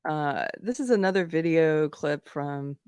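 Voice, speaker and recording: This livestream host is a woman with a deep, expressive, slightly mellow voice and a clean tone, speaking in an unhurried way. She gives outspoken, chatty commentary and reads viewer comments aloud. There's no room sound in the recording.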